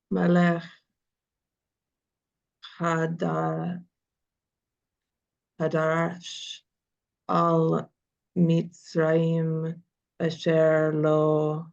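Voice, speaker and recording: A woman's voice: sits low, gravelly, a little mellow, highs cut off. A woman student in an online class, reading aloud hesitantly and carefully, one word at a time.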